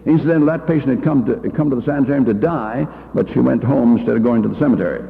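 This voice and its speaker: A man's voice: medium pitch, quick pace, gravelly. An older man and church education leader giving a folksy, anecdotal talk full of homespun stories and fillers, heard on an old reel-to-reel recording. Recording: tinny old reel-to-reel in a hall.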